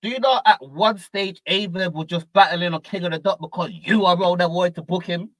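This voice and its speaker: A man's voice: high-pitched, fairly quick, dry recording, low-quality recording. A man hosting a reaction show, commenting animatedly and calling out names in repeated bursts. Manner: animated, repetitive, calls out names. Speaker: host.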